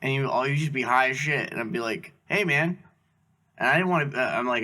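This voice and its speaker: A man's voice: fairly high pitch, expressive, brisk, bright, forceful tone. A young man, telling jokey work stories on a comedy podcast and mimicking coworkers. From Augusta, Georgia, US. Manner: laid-back, jokey, swears, mimics coworkers. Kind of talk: casual storytelling chat.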